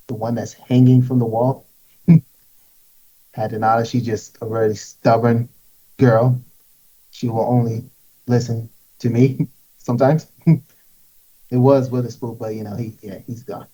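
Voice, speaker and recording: Husky, mellow man joking at the table. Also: mid-range voice, steady tone, measured pace, pauses often, low-quality recording. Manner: joking, chuckles between lines. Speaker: player. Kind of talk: casual tabletop play.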